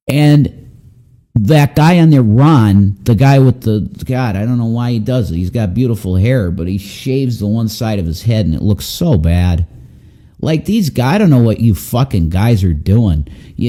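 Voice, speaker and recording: A man's voice: medium pitch, dark tone. A man hosting a commentary show, ranting bluntly with frequent swearing and incredulous outbursts.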